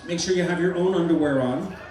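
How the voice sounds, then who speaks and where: A middle-aged man working as a stage hypnotist at a live comedy show, playfully giving loud, repeated suggestions to volunteers. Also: fairly high pitch, quick pace, crowd noise, noisy background. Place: large fair tent. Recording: echoey tent, mic heard from far.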